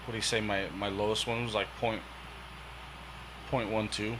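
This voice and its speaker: A man talking casually as a podcast guest, relaxed and profane. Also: lowish voice, normal speed, noisy background. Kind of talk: casual chat.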